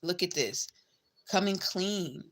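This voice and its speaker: A woman's voice: lowish voice, expressive, takes it slowly. A woman giving a casual tarot reading, chatty and blunt, swearing freely and calling the listener babe and girl. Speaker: tarot reader.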